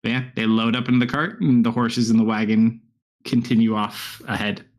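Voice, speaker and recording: A man running a tabletop game as dungeon master, narrating in a relaxed, conversational way. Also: medium pitch, normal speed. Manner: relaxed, conversational, filler-heavy.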